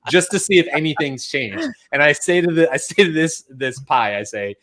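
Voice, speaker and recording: A man hosting a podcast panel, telling stories in a casual, animated way and acting out the quotes. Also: a little high, normal speed. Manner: animated storyteller, acts out quotes. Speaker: podcast host.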